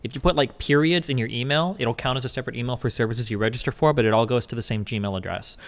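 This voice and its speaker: A man co-hosting a casual stream discussion, blunt and argumentative, swearing freely. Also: mid-range voice. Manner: fast, blunt, argumentative, profane. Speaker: streamer and co-host.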